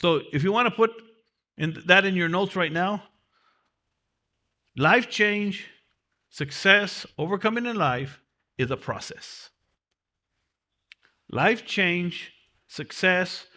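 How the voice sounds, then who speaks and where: A mentoring class teacher delivers a motivational seminar lecture, drilling and stressing key phrases for his class and drawing on his own experience of prison. His high, bright voice is pushed and animated, and he speaks slowly with long pauses.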